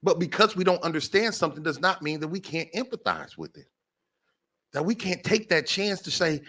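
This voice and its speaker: A man's voice: on the high side, sing-song, brisk, a bit bright. A man hosting a talk show, delivering an impassioned monologue and repeating phrases for emphasis. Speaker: podcast host.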